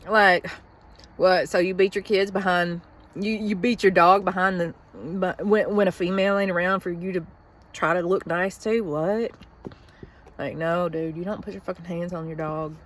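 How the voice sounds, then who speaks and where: A woman's voice: on the low side, steady tone, moderate pace, slight background noise. A woman talks in a blunt, profane, rambling way in a casual vlog, venting from inside a vehicle in a parking lot. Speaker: vlogger.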